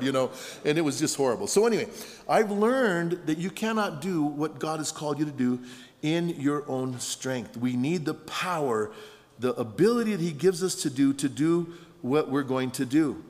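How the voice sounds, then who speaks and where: A middle-aged man preaches, his voice sitting a little high for a man. He tells stories with lively bursts and shouted punchlines. A long hall reverb trails behind his words. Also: moderate pace. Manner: storytelling, animated with shouted punchlines. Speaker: pastor. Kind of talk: sermon. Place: large conference hall.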